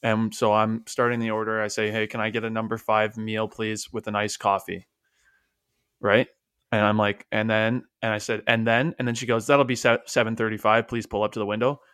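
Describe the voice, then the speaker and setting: A man's voice: on the low side, flat delivery, brisk, a bit bright, clear, resonant tone, dry recording, studio quality. A man co-hosting a podcast, telling a story in casual chat and acting out the dialogue. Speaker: podcast co-host.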